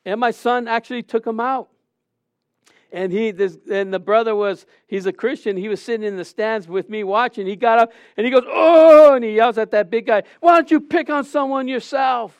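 A man's voice: high voice, fairly even intonation, fairly quick, clear, resonant tone, no echo, muffled recording. A middle-aged man preaching a sermon, questioning the congregation and acting out stories.

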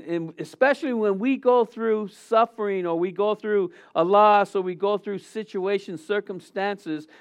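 A man's voice: sits high, smooth. A middle-aged man preaching a casual Easter sermon as pastor, rambling with many fillers and restarts, and his voice swells on quoted lines.

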